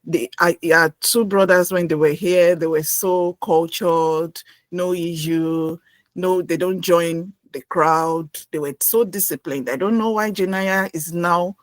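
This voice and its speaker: A woman's voice: lowish voice, steady tone, a little slow, no echo. A mother commenting in a workshop, starting hesitantly with ums before telling about her daughter. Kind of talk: casual comment on a call. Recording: dry sound.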